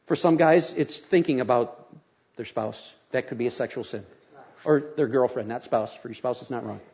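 An older man preaching a sermon as a pastor, folksy and conversational, with animated storytelling. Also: medium pitch, moderate pace, muffled recording.

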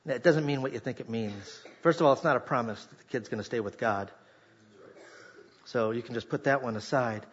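A man preaching a sermon, animated and jokey, talking directly to a congregation and leading them in call-and-response. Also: medium pitch, brisk, lo-fi sound. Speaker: pastor.

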